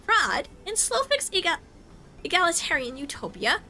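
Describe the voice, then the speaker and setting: A woman's voice: very high voice, huge pitch swings, moderate pace, pushed and bright, voice pushed up, heavily acted. A woman voicing a small, cheerful goblin leader in a game who talks in clipped, broken grammar. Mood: chirpy.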